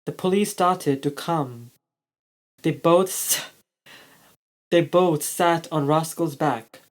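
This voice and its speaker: A storyteller reading a child's story aloud in slow, deliberate narration. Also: mid-range voice.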